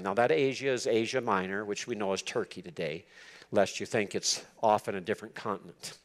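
A man's voice: fairly low pitch, fairly quick. A man giving an expository sermon to church leaders, earnest and emphatic, repeating words for stress. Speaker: preacher teaching church leaders.

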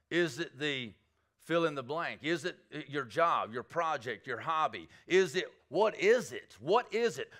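A man's voice: fairly high pitch, a bit bright. A man preaching a sermon, pressing his listeners with repeated rhetorical questions. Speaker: pastor.

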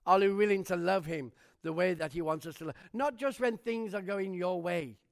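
High-pitched guy preaching, fervent questions at the congregation, storytelling testimony. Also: normal speed, creaky. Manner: animated storytelling. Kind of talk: sermon with personal testimony.

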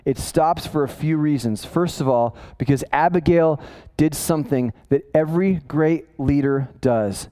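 A male pastor preaching a sermon, telling the story in a casual, animated way with lots of asides. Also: on the high side, moderate pace, poor audio.

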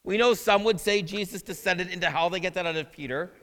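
A man with a high, bright, forceful voice preaches a sermon in a conversational tone and asks his listeners questions as he goes. His voice rings with the long reverb of a large church hall. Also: brisk. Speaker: pastor.

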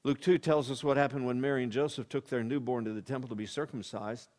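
A man preaching a sermon, dropping to a hushed storytelling voice and then rising to loud, emphatic proclamation, with slow, deliberate scripture reading. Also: medium pitch, steady tone. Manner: reads scripture slowly and deliberately.

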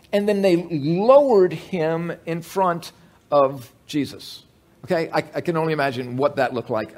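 Male Bible teacher, slightly high and husky, lively storytelling delivery. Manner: animated, emphatic, asks the listeners questions.

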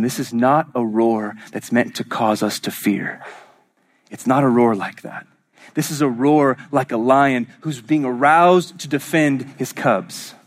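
A man preaching a sermon as pastor, swinging from loud rising lines to hushed whispers. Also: medium pitch.

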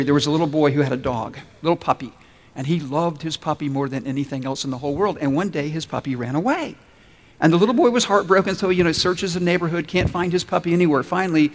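Man, pastor, sermon, earnest storyteller, slightly high voice, echoing hall. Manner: earnest storytelling preacher, acts out quotes.

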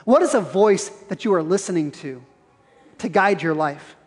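A man's voice: high-pitched, animated, moderate pace, slightly rough. A man preaching a sermon in a church, earnest and probing, asking the congregation pointed questions. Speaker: pastor. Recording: reverberant church hall.

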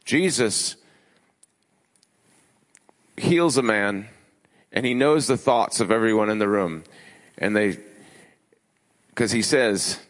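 A man's voice: lively intonation, slow, long pauses. Guy pastor preaching, emphatic, lists climbing up, big echoey church hall. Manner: emphatic, builds lists with rising pitch. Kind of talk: sermon. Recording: long hall reverb.

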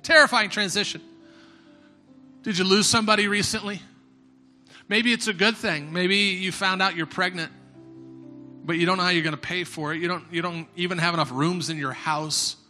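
Pastor guy preaching, really high sharp voice, goes from quiet to shouting, echoey church with music under it. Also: fairly even intonation, fairly quick. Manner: impassioned, swings from hushed to shouting. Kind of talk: sermon. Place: church sanctuary. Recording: reverberant hall with music behind.

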